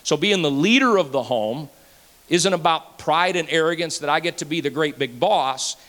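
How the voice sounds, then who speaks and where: Pastor mid-sermon, lively and rhyming, bright forceful tone, church hall echo. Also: male voice, on the high side, moderate pace. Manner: animated, rhyming and playful, swings between loud and hushed. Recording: hall reverb.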